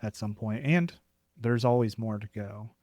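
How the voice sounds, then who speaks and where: A young man co-hosting a podcast, speaking in a reflective, measured way. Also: fairly low pitch, darkish tone, no echo, studio quality. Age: young adult. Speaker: podcast co-host. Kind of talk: podcast conversation.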